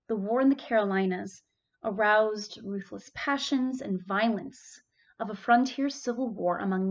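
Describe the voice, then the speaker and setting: Woman, history teacher, classroom lecture, chatty asides, gravelly voice. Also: medium pitch, lo-fi sound. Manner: chatty, adds asides and corrects herself.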